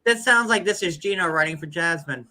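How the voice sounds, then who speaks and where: A man's voice: on the high side, brisk, pushed and bright. A man hosting a casual commentary show, chatting loosely with many fillers and reading comments aloud. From United States. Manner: chatty, lots of "like" and restarts, reads comments aloud.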